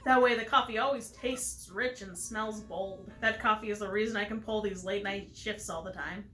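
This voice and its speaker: A woman's voice: medium pitch, steady tone, normal speed, a bit bright, lightly acted. A woman voicing a bossy, judgmental older sister pelican with a put-on accent, tart and grumbly.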